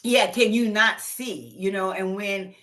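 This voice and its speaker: A woman speaking as a guest in a casual panel talk, reflective and halting, often saying "you know". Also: medium pitch, bright, forceful tone. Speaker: author and filmmaker guest.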